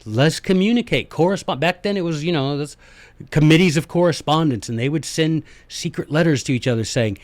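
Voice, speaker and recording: A man hosting a podcast, giving a casual, animated lecture on history and politics and slipping into little skits. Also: on the high side, fairly quick, no echo. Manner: animated, folksy, acts out little skits in voices. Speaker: podcast host.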